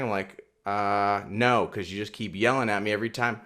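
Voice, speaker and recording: A young man co-hosting a podcast, telling a story in casual chat, swearing a lot and getting loud and worked up as he quotes himself. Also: on the low side, normal speed, few pauses. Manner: animated storyteller, swears constantly, gets loud and heated when quoting himself. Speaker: podcast co-host.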